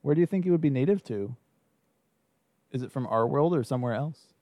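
A male podcast host in a relaxed brainstorming chat. He is easygoing, laughs often, and keeps his guest talking with questions. The recording is dry, with no room sound, and his pitch is mid-range. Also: fairly quick, no room sound.

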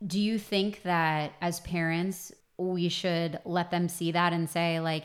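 A woman with a fairly low voice hosts a casual conversation. She poses her questions thoughtfully, in an easy conversational way. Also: little pitch movement, slow, hardly any pauses. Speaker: interviewer.

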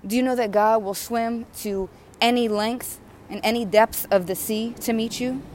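A slightly high, somewhat mellow female voice carries a fervent spiritual sermon at a moderate pace, with fairly even intonation and slight background noise. She repeats phrases in a rhythmic build of passion.

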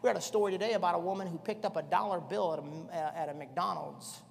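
A middle-aged man preaching a sermon as pastor, swinging from shouting to quiet storytelling. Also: sits high, fast, creaky, a little hiss or hum. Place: church hall. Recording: echoey church hall.

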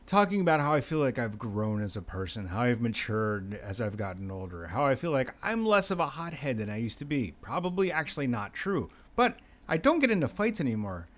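A young adult man from Pennsylvania hosting a podcast, telling a story in a rambling, animated, self-mocking way and swearing freely. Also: mid-range voice, a little fast, hardly any pauses. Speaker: podcast host. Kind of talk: casual storytelling monologue.

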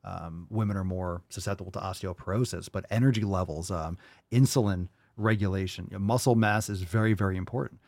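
A podcast host, a man with a fairly low voice, talks through a caller's problem in a blunt, rambling way. He sounds direct and coaching. The recording is dry and close. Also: steady tone, a little fast, vocal fry, a little mellow, no echo. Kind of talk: casual advice talk.

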